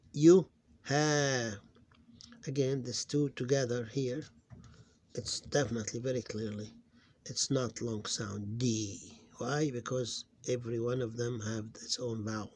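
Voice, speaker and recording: A man teaching a phonics lesson, explaining in halting English with restarts and sounding out syllables loudly and slowly. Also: mid-range voice, slightly rough. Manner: halting, with many restarts and self-corrections. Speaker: Arabic reading teacher.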